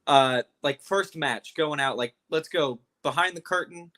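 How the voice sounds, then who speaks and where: A man's voice: on the high side, unhurried, bright, forceful tone. A man hosting a casual interview in an easygoing way, laughing along with his guest. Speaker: host.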